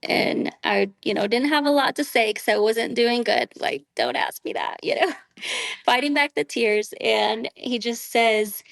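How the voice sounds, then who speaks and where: A woman's voice: a little high, unhurried, creaky, a bit bright, no echo. A woman guest on a podcast, giving a heartfelt personal faith testimony in an earnest way, with many "you know" fillers.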